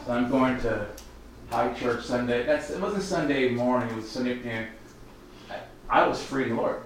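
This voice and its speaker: A man's voice: medium pitch, moderate pace. A man giving a story-driven sermon, acting out dialogue and laughing often. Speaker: lay preacher, teacher. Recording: very echoey room, faint noise.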